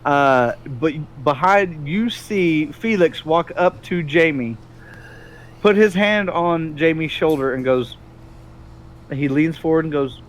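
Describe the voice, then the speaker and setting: A man's voice: on the high side, slow pace. Man narrating as game master. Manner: relaxed, chuckling narration with fillers.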